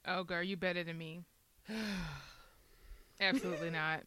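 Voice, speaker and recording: Woman cohost with a bright sharp voice, short wry quips. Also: fairly low pitch, steady tone, unhurried, dry recording. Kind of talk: casual chat.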